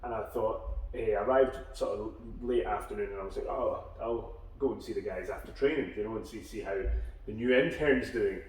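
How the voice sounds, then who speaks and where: Low-voiced man in a very echoey room. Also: brisk. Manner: animated storyteller, acts out quoted dialogue. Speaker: guest karate instructor. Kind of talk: casual chat over a beer. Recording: very echoey room, mic far off.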